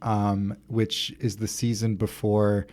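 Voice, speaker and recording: A man's voice: fairly low pitch, little pitch movement, slow, a little mellow. A man co-hosting a casual podcast chat, with dry remarks and eager recommendations. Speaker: podcast co-host.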